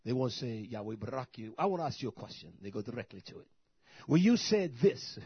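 A man preaching a sermon in an emphatic style, repeating his phrases and moving between quiet talk and loud outbursts. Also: fairly low pitch, quick pace, husky, no echo, muffled recording.

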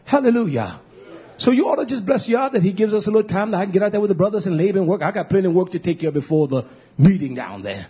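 A man preaching a fiery sermon on a live stream, chanting drawn-out cries and swinging between shouts and low murmurs. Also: lively intonation, slightly rough, highs cut off.

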